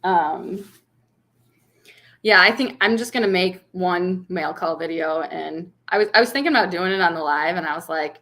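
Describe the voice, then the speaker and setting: A woman's voice: on the low side, normal speed, fairly bright tone. Chatty young woman livestreaming. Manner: chatty, laughs often, reads comments aloud. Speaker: vlogger hosting a livestream. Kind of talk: casual livestream chat.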